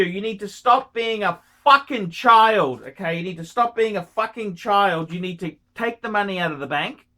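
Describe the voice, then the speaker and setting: A man bluntly answering viewer questions, scolding and swearing, often clearing his throat. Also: high-pitched, bright, forceful tone. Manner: profane, scolding, ranting; frequent throat clearing and coughs. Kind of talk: blunt advice monologue.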